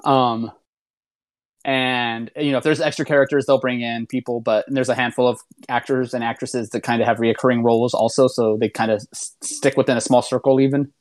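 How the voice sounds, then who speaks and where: A podcast co-host reviewing a comedy show chats casually, retelling things at length in a loose, rambling way full of "um"s, "like"s and restarts. His mid-range voice is level in tone and fairly quick.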